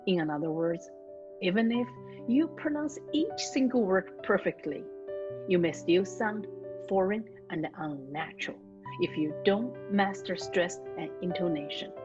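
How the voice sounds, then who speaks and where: A woman hosting a conversational lesson on speaking, who reads aloud slowly and with emphasis. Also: fairly low pitch, animated, lo-fi sound, music in the background. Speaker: host.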